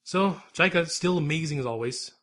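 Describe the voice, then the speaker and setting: A young man co-hosting a podcast in casual chat, making quick, wry remarks. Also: fairly high pitch, a bit bright. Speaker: podcast co-host.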